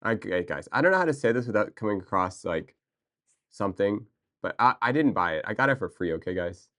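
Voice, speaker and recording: A man livestreaming, chatting casually and excitably with viewers, rambling with restarts and answering chat. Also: lowish voice, a little fast.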